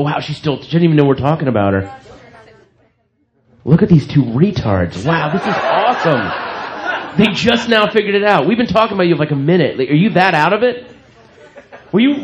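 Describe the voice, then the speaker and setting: A stand-up comedian on a club stage, loudly and profanely mocking audience members who kept talking. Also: male voice, high voice. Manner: incredulous, mocking, profane, loud. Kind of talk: stand-up set, confronting hecklers. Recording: live club recording with crowd noise. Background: audience laughter and club noise.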